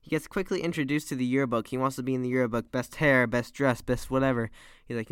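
Rambling teenage boy, smooth clear voice. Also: mid-range voice, brisk, no room sound, studio quality. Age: teens. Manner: rambling, animated, slangy. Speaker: movie reviewer. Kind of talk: casual movie review.

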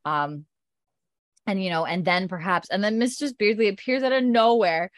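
A woman in casual chat, recapping a TV episode with lively energy and acting out each character's lines, swearing now and then. Her voice sits in a middle pitch range. It is recorded dry and close, with no room sound. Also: moderate pace, no echo. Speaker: show recapper.

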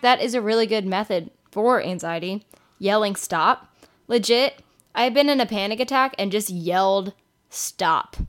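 A woman's voice: mid-range voice, a bit bright. A young woman talking candidly on her solo podcast, casual and frank, swearing now and then. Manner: candid, swears casually, breaks into silly singing. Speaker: podcast host.

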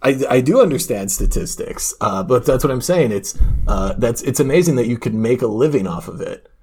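A man's voice: medium pitch, lively intonation, a little fast, mellow, slight background noise. A man telling stories and arguing in a casual podcast chat, rambling with restarts and laughter.

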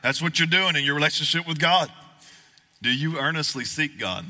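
A young man preaching a sermon in a casual, folksy, joking way that rises at times to shouting. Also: a little high, normal speed. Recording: echoey hall.

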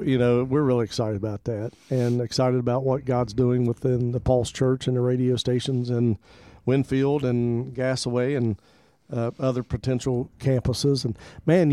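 Easygoing male pastor co-host, mellow voice, unhurried and rambling. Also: mid-range voice, no room sound. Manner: easygoing, rambling, repeats words while thinking. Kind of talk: casual Christian radio talk.

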